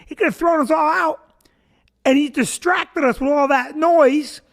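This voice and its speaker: A man voicing an indignant, suspicious club patron who shouts accusations in a raised voice. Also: very fast, vocal fry. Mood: outraged. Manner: shouting outrage, pitched up.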